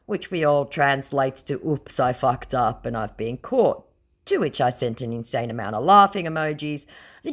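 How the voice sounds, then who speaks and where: A woman reading out her chats with a scammer in a sarcastic, theatrical way, jumping high when she quotes her own replies. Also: very animated, normal speed. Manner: mocking, theatrical, swings high when quoting herself. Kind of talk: sarcastic read-aloud of chat messages.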